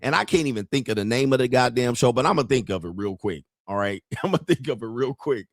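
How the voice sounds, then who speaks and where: A brash male streamer riffs to his viewers in a loose, profane ramble. His pitch leaps around constantly, and the recording is close and dry with no room sound. He is mid-pitched for a man. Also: expressive, fast, few pauses, no room sound. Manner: talks straight to viewers. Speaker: live-stream host. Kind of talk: casual live-stream commentary.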